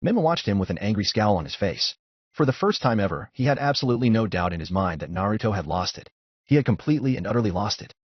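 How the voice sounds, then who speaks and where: Male story narrator, steady audiobook reading, husky tone, dry dull recording. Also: fairly low pitch, fast talker, no room sound. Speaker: fanfiction narrator.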